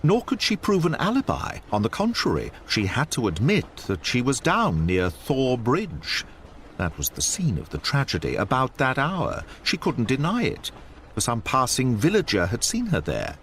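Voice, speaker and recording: A sharp, brisk detective, as a male audiobook reader puts him on, laying out facts with crisp emphasis. His voice rises and falls in a lively way over faint train noise behind. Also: medium pitch. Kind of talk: audiobook reading.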